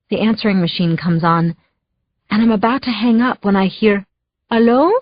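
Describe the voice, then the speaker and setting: Husky woman narrating a tense thriller. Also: mid-range voice, no room sound, lo-fi sound. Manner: tense, anxious storytelling. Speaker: audiobook narrator. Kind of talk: first-person thriller audiobook narration.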